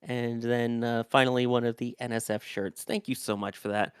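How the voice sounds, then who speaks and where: Male launch-stream host, casual and friendly, mid pitch, dry close sound. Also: little pitch movement, moderate pace, clean tone, no echo. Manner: chatty, reads viewer messages aloud, thanks the crew. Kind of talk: live launch commentary, casual.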